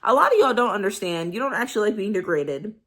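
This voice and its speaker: A young woman talking in a candid, slangy vlog monologue, animated and sometimes dropping into soft breathy whispers. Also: medium pitch, fast. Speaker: vlogger.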